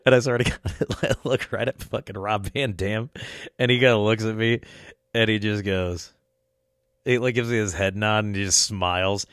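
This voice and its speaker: A man's voice: fairly low pitch, steady tone, moderate pace, long pauses, fairly bright tone, no echo, studio quality. A man hosting a podcast, rambling through a casual story, swearing a lot and laughing as he talks. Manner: rambling, swears often, laughs mid-sentence. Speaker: podcast host.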